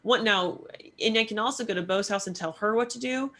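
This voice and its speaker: A woman co-hosts a casual podcast in an easygoing, bubbly way. She laughs often and keeps to a middle pitch. Her talk stays chatty and informal. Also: fairly quick, a bit bright. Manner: bubbly, laughs often, squeals into high put-on quotes. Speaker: podcast co-host. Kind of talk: casual chat.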